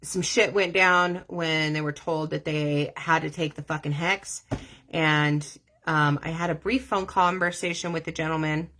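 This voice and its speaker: A woman vlogger chatting casually with her viewers, animated and quick to swear and laugh. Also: deep voice. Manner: animated, profane, laughing easily.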